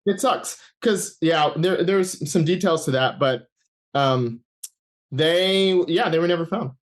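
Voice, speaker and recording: A man speaking as an interview guest, recounting a personal story. His voice sits a little high for a man. He talks in halting stretches, with fillers, restarts and short laughs. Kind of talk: storytelling in a conversation.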